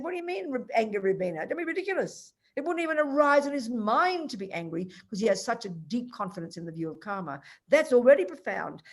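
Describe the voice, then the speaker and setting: Direct, emphatic older woman teaching. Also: a little high. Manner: direct, emphatic, explains point by point. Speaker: Buddhist teacher. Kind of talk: dharma teaching in an online Q&A.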